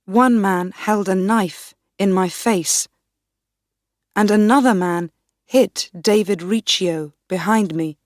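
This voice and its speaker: A woman narrating a first-person story slowly and clearly for English learners. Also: medium pitch, dry recording, clean studio sound. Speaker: narrator of a graded reader story.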